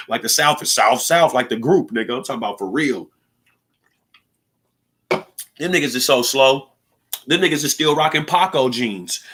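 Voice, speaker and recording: On the high side with a fairly bright tone, this young man's voice carries a casual livestream podcast monologue. He's from Seattle in the Pacific Northwest and rambles jokingly, using lots of slang and laughing often.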